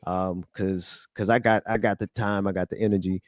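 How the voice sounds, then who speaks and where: A man's voice: low-pitched, steady tone, normal speed, no room sound, clean studio sound. A man hosting a casual political chat, laughing often, then earnest and rallying. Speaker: host.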